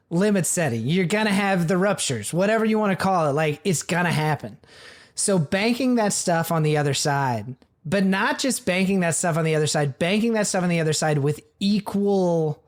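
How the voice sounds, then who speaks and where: Enthusiastic podcast co-host, a man. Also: sits high. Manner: enthusiastic, reflective, casual swearing. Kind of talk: casual podcast chat.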